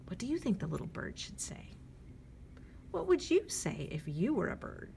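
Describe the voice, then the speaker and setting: A woman librarian reading a picture book aloud at storytime, animated and asking the children questions. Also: medium pitch, normal speed, gravelly, slight background noise.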